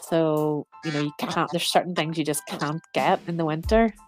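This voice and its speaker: A woman in her thirties with a notably low voice talks as a podcast guest. She is chatty and explains things at length, padding her sentences with fillers and friendly asides. Faint music plays underneath. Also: steady tone, normal speed, a little mellow. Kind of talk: casual conversational interview.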